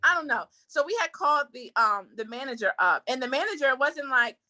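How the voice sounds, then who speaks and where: A woman's voice: high-pitched, a little fast. A young woman hosting a podcast, telling a story in casual chat and acting out the people she quotes. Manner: animated, quotes people in put-on voices. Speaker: podcast host.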